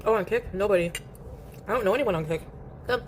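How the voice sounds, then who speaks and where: A woman's voice: mid-range voice, fast, a little hiss or hum. Chatty woman streaming from home. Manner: chatty and rambling, eating while talking. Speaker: live streamer. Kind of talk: casual live-stream chat, reading viewer comments aloud.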